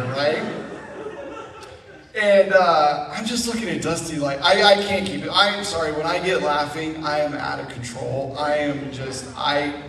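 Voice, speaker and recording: A man speaking as a guest in a church, telling a funny mission-trip story in an animated way and often laughing as he talks. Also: on the high side. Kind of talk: storytelling testimony. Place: church sanctuary. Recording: echoey church hall from a distance.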